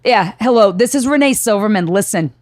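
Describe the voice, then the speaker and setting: A woman's voice: mid-range voice, expressive, brisk, no echo, studio quality, lightly acted. A woman voicing a brash, made-up female talent manager with a New York accent and a pushy, salesy phone patter.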